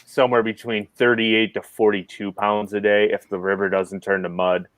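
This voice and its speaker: A man chatting as a guest on a fishing podcast, an animated storyteller who laughs often. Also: fairly low pitch, normal speed, no room sound. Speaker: podcast guest, tournament angler. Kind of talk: casual podcast chat.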